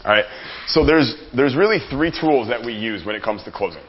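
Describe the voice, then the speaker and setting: A man leads a seminar room, teaching how to close sales with lively energy and quick jokes for his audience. His voice sits in a middling range. The recording is dull and lo-fi. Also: medium pitch. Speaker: sales coach. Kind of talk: live workshop teaching.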